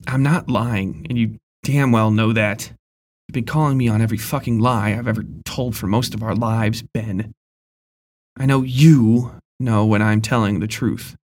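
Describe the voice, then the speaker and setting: A man's voice: lowish voice, steady tone, unhurried, a little mellow. A man voicing a blunt, cursing old man who sounds worn down. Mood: gruff, weary.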